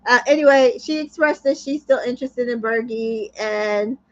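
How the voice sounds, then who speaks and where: Woman, casual recap host, chatty, high-ish voice, dull lo-fi sound. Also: moderate pace, fairly bright tone. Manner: chatty, with fillers and laughs.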